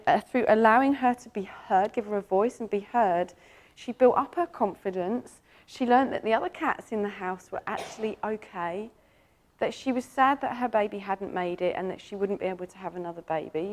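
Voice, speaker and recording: An animal communicator, giving a lively, enthusiastic presentation and telling stories about pets to an audience. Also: female voice. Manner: animated, enthusiastic storytelling with sudden jumps up in pitch.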